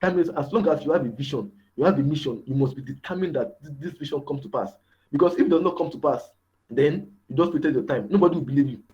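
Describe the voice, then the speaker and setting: Speaking quickly in a warm, slightly high register, a man gives an inspirational mentorship lecture. Repetition of key words and rhetorical questions drive his emphasis, all captured on a dull lo-fi recording.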